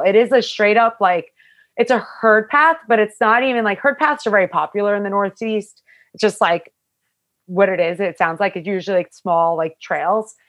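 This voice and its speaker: A young woman casually telling a long story, talking loosely with lots of "like" fillers and animated, quoted asides. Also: mid-range voice. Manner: chatty, full of "like" fillers, animated retelling. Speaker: hiker telling her story.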